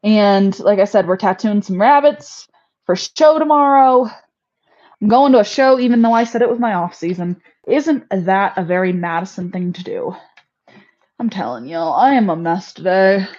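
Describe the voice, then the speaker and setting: A woman's voice: medium pitch, lively intonation, normal speed, darkish tone. A woman hosting a casual homestead livestream, chatty and laughing at her own mishaps. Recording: slightly dull lo-fi audio.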